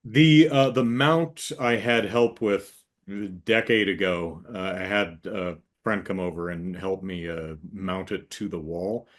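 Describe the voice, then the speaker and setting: Hosting a relaxed conversation with his sister, a deep-voiced man tells a meandering story a little slowly, performing the different voices as he goes.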